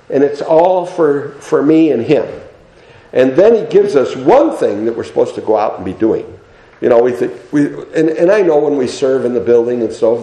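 A man's voice: medium pitch, warm tone, reverberant, rough recording. A man in his seventies preaching a sermon, folksy and conversational with frequent restarts, and rising to emphatic exhortation. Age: 70s. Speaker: pastor.

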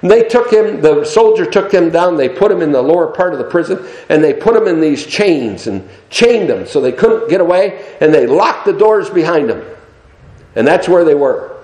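A male American preacher delivering a sermon, dropping to low murmurs and then rising to high, shouted emphasis. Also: animated, moderate pace, roomy sound, poor audio.

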